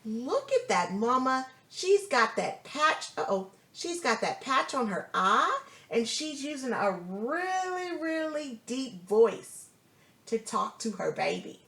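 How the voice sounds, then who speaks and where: Lady reading a kids picture book, super slow and bouncy, bright voice, echoey room. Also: sits high, sing-song, gravelly. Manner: slow, sing-song and encouraging, asking questions. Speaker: storybook reader.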